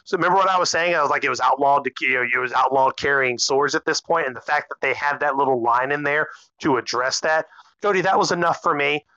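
A man co-hosting a casual anime recap podcast, animated and swearing freely. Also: mid-range voice, no echo, lo-fi sound. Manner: animated, swears freely, acts out characters in quick bursts. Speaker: podcast co-host.

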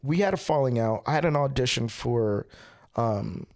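A man's voice: mid-range voice, animated, moderate pace, darkish tone. A man in his thirties, a comedian, telling a personal story in a casual, candid chat. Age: 30s. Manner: candid, conversational, quotes people in his own voice.

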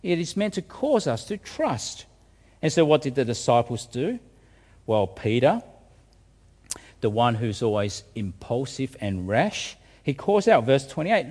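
A man's voice: mid-range voice, sing-song, unhurried, darkish tone. A man preaching a sermon, asking rhetorical questions and often repeating words as he restarts. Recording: reverberant hall.

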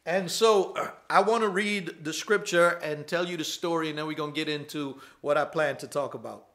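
A man in his thirties preaching a sermon, his voice fairly high and bright. He talks in a loose, conversational way. He repeats his key lines for emphasis and laughs easily between them. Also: moderate pace. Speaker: pastor.

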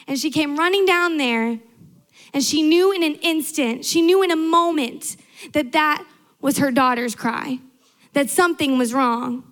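Casual: young woman giving a sermon, high-pitched, earnest, leans on repetition. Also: measured pace. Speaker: preacher.

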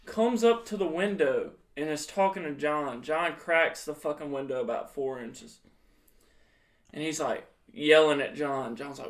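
A man's voice: fairly high pitch, unhurried. A young man casually telling a profane story to friends on a podcast, laughing as he goes. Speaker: podcast co-host.

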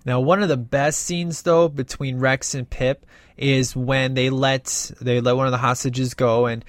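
A man's voice: medium pitch, little pitch movement, a little slow, no echo. A man casually reviewing a film in a rambling, enthusiastic way, with many fillers. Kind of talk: casual movie review monologue.

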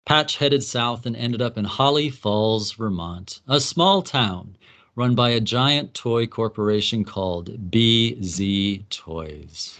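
A man giving a wry, comic recap of a story, with quick asides in the characters' voices. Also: on the low side, a bit bright.

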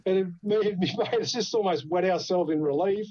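A man's voice: high-pitched, fairly quick, a little mellow, lo-fi sound. Swearing Australian man telling stories. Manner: swears freely, laughs through his stories. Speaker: podcast host. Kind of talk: casual podcast storytelling.

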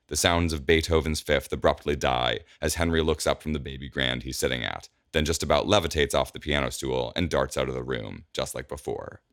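A man reading scripted narration in a measured, descriptive way. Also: extremely low pitch, fairly bright tone, dry recording, studio quality.

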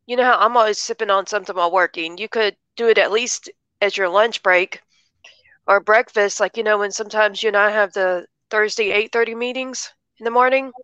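Chatty woman host, bright crisp voice, dry kinda dull sound. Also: mid-range voice, fairly even intonation, brisk, no echo. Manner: chatty, rambling with many restarts. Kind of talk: casual chat.

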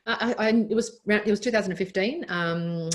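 Her mid-range voice runs a little fast as she chats casually on a podcast. She's an Australian doctor in her thirties and a former athlete, speaking openly with lots of laughter and restarts.

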